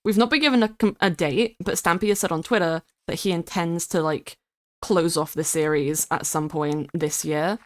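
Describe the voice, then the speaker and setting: A woman's voice: lowish voice, steady tone, normal speed, no room sound. A woman streamer chatting casually and rambling while she plays, swearing now and then and reading her chat aloud. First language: English.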